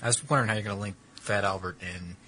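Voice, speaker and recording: A man co-hosting a podcast, chatting quickly in a bright, slightly low voice. He rambles and halts, leaning on fillers as he talks. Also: fairly even intonation, husky, poor audio. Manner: rambling, halting, with many fillers. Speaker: podcast co-host, auto editor. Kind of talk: casual chat.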